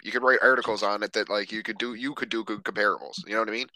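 A man's voice: on the low side, steady tone, rapid-fire, pushed and bright, no echo, poor audio. A man co-hosting a casual movie review podcast, rambling with loose, filler-heavy talk. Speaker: podcast co-host. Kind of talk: casual film review chat.

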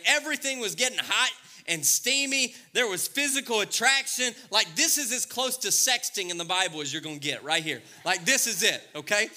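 A middle-aged male pastor preaching a sermon, swinging between loud, excited passages and hushed, intimate ones. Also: high-pitched.

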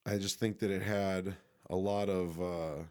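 Young male reviewer, lowish voice, loose profane rambling with lots of restarts. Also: flat delivery, a little slow, darkish tone, smooth. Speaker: movie reviewer. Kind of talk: casual spoken movie review.

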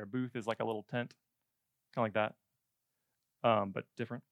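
Animated, joking male preacher. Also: lowish voice, a little fast, gravelly, pauses often, no echo, studio quality. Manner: animated, conversational, jokey asides. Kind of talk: sermon.

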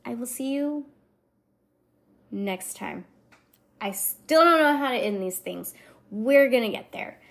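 A woman hosting her own book podcast, firing back at reviews with sarcastic, playful remarks. Her voice sits somewhat high and she talks at an unhurried pace. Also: animated, gravelly, fairly bright tone. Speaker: podcast host. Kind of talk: casual chat reading reviews aloud.

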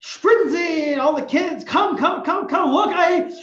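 A woman voicing an excited man who insists to his family that they are rich, in an echoey, muffled recording. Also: extremely high pitch, slow, pitched above the performer's own voice, full character voice. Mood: elated. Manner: exclaiming, urgent. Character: overjoyed man boasting of sudden riches.

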